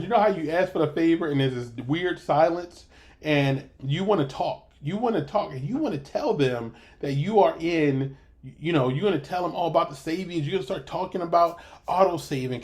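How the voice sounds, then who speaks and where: A fairly high-voiced man leads a sales training session over a video call. He coaches with emphasis and circles back to repeat his points. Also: a little mellow.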